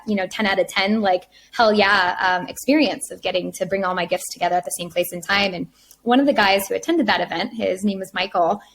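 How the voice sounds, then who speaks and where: A woman guest on a podcast interview, telling stories in a casual, energetic way, laughing often and acting out quotes. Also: medium pitch, a little hiss or hum. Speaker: podcast guest, retreat organizer.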